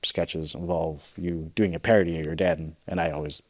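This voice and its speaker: A man's voice: very deep voice, steady tone, a little fast. A man hosting an interview, asking eager questions full of fillers and restarts. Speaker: interview host. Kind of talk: casual interview chat.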